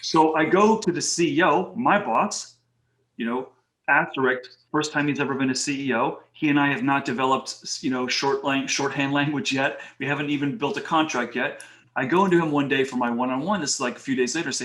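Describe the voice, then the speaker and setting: Animated middle-aged man in a roomy space. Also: medium pitch, brisk. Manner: animated, acts out quoted dialogue, many "you know" fillers. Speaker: HR and talent advisor, interview guest. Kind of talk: casual interview storytelling. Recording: roomy echo.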